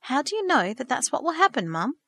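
A woman's voice: high-pitched, sing-song, a little fast, a bit bright, no echo, studio quality, pitched above the performer's own voice, full character voice. A woman voicing an earnest teenage girl of almost sixteen who keeps asking questions, in a storybook reading.

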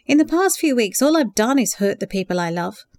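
A woman's voice: a little high, big pitch swings, a little fast, darkish tone, dry recording, voice pushed up. Woman voicing an earnest young woman in love. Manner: earnest, emotional, sighing.

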